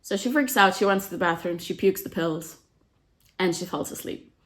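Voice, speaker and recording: A woman with a somewhat low voice retells a novel's story in a relaxed, chatty way. She leans on "like" and slips into the characters' lines as she goes, as a book summary host. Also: normal speed. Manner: chatty, frequent "like" fillers, acts out quotes. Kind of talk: casual book plot retelling.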